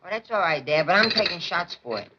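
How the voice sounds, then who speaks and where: A fussy, stammering teenage son. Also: male voice, high voice, animated, quick pace, background noise. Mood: timid, fussy. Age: young adult. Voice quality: nervous stammer, prim and polite. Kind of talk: 1950s film comedy acting. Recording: lo-fi 1950s film soundtrack.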